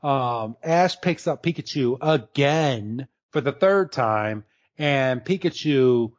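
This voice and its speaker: A man co-hosting a podcast, chatting loosely with plenty of ums and restarts and laughing often. His voice sits at an ordinary pitch, and the recording is a little dull and lo-fi. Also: animated, slow. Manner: rambling, many fillers and restarts, laughs often. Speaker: podcast co-host. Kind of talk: casual chat recapping an episode. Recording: slightly dull lo-fi audio.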